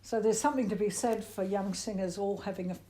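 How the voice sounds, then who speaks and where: An older Australian woman talks through her years of singing and teaching. She speaks with lively energy and now and then jumps her pitch high to show a sound. Her pitch sits mid-range for a woman. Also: quick pace. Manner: animated, demonstrates voices with big pitch jumps. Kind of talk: interview answers.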